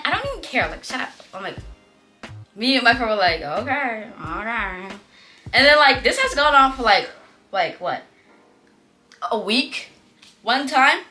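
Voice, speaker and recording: A young woman casually telling a story, chatty and animated, acting out what classmates said in playful voices. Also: a little high. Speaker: vlogger. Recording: faint background music.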